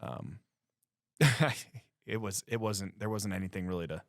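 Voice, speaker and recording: A man from Colorado, deep and low-voiced, speaks at a moderate pace with some vocal fry as he tells a story as a guest. Animated and casual, he acts out the quotes; the audio is close and dry with minimal echo.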